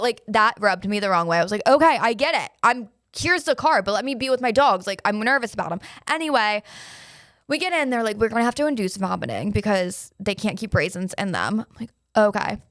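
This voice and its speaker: A young woman rants through a story on her podcast, swearing often and jumping into frantic quoted replies. Her voice sits at an ordinary pitch, recorded close and dry with no room sound around her. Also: fast talker, no room sound. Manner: animated storytelling, swears freely, acts out panicked quotes. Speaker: podcast host. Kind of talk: casual solo podcast monologue.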